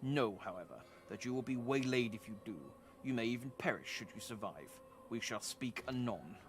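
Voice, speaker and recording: A man voicing a solemn male game character in a slow, formal way. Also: medium pitch, animated, lightly acted. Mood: grave.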